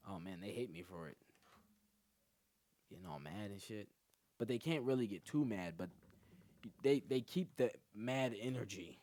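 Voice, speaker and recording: A man hosting his own comedy podcast alone, rambling through profane, animated stories. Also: moderate pace, no room sound, studio quality. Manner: profane, animated storytelling that jumps in pitch. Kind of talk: rambling solo comedy monologue.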